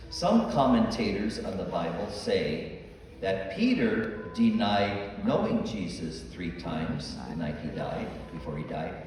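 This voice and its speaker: Priest preaching in an echoey church. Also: male voice, lowish voice, darkish tone, a little hiss or hum. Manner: storytelling, acting out dialogue. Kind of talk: sermon. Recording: echoey church hall from far off.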